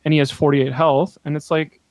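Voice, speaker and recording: A man co-hosting a podcast in casual chat, telling an animated story with laughter and swearing, close on the microphone. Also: a little high, brisk, dry recording. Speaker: podcast co-host.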